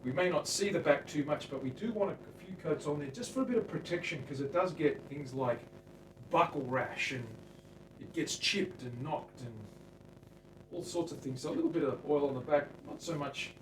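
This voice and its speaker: A man's voice: on the high side, expressive, normal speed, a little hiss or hum. Chatty Australian man in an echoey workshop. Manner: chatty, talks to chat viewers by name while working. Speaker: luthier streaming live. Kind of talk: casual live-stream workshop talk. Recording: roomy workshop sound from a distant mic.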